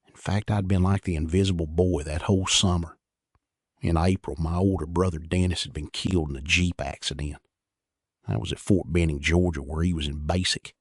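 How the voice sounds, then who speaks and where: A man reading a story aloud in an expressive, conversational way. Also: sits low, husky, dry recording, clean studio sound. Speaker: audiobook reader. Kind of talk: storybook narration.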